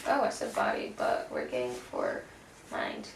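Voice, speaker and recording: A woman's voice: a bass voice, wildly swooping pitch, a little slow, vocal fry. A woman giving a casual pick-a-card tarot reading, chatty and slangy, swearing and calling the listener baby. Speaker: tarot reader. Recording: echoey room, distant mic, faint noise.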